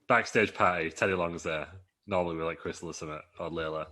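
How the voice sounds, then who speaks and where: A man co-hosting a podcast, telling a comic story through laughs and putting on quick voices. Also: low-pitched, pushed and bright. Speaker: podcast co-host. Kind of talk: casual comedic chat.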